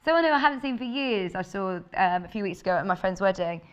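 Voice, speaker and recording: A woman with a low, husky voice, chatting in a bubbly way as she presents a live TV shopping show. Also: expressive, fast talker. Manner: bubbly, chatty, laughs often. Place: TV studio.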